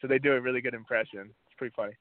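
A young adult man, a college football player appearing as a guest, gives casual interview answers over a phone line. His medium-pitched voice races along in a relaxed way, packed with fillers. The audio is dry phone-line sound with no echo.

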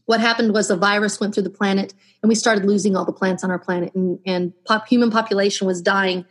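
A woman author speaks in an interview about her novels. Her voice is husky and her pitch sits in an average range. She explains things thoughtfully, circling back and restarting sentences as she goes. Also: fairly even intonation, quick pace. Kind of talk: podcast interview and book reading.

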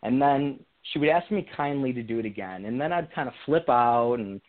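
Young man, mid-pitched voice, earnest and reflective, frequent restarts, phone-line sound, radio call-in. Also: expressive, brisk. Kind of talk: casual conversational storytelling.

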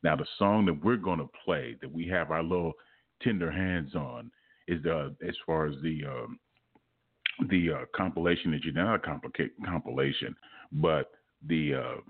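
A man's voice: a bass voice, normal speed, dry recording. A male radio host interviewing a guest, laughing often and using easy radio patter. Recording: tinny phone-like line.

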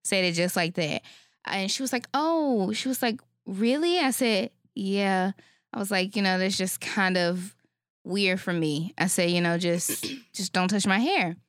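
A woman's voice, on the low side and unhurried, comes through with a clean tone and no room sound in a clean studio recording. As a podcast co-host, she chats casually and tells stories, animatedly acting out the characters in them.

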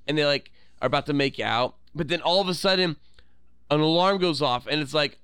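A man in his thirties co-hosting a podcast, retelling scenes with lively acted-out quotes. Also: a little high, quick pace, smooth, dry recording. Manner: animated storytelling, acts out quotes. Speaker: podcast co-host. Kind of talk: casual chat.

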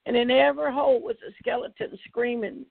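Older lady preacher, gravelly voice, tinny phone-line sound, kinda high. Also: steady tone, brisk, no echo. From Tennessee, US. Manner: emphatic, repeats phrases for effect. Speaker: evangelist. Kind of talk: testimony preaching.

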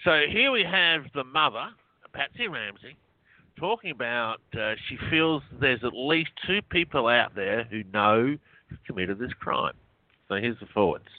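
On a dry, tinny phone line, a male researcher is a guest in a casual phone-in interview, chatty and rambling with frequent laughter between points. His mid-range voice has a sing-song quality and a measured pace.

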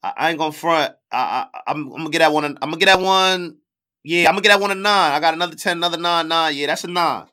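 A man with a bright, forceful, fairly high voice co-hosts a casual live stream. He reads the chat aloud, hands out scores, and stays animated and quick to laugh. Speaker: co-host rating tracks.

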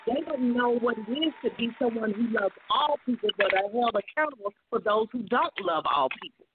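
A woman's voice: on the high side, fairly quick, phone-quality sound, background noise. A woman hosting a call-in show, giving earnest, encouraging advice with preacher-like repetition. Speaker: radio talk show host, life coach.

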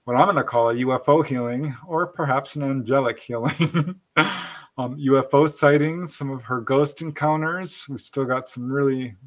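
A man's voice: mid-range voice, normal speed, a bit bright. Man hosting a live paranormal talk show. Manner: friendly, chatty, reads station info from notes. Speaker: host.

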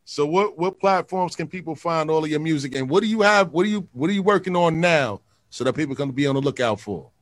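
A man's voice: a little high, expressive, fast, few pauses, no echo. A man hosting a casual interview, laid-back, with short slangy reactions. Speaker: interviewer host.

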